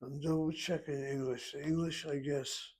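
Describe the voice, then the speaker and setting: A man's voice: fairly high pitch, fairly even intonation, moderate pace, darkish tone. A man teaching a Hebrew lesson, reading a dialogue aloud and explaining grammar step by step. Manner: methodical, reads dialogue then explains grammar. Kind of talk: self-paced language lesson.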